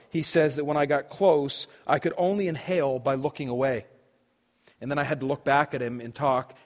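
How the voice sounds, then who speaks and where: A man preaching a sermon to students, telling a story and swinging between loud and hushed delivery. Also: a little high. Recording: long reverb of a hall.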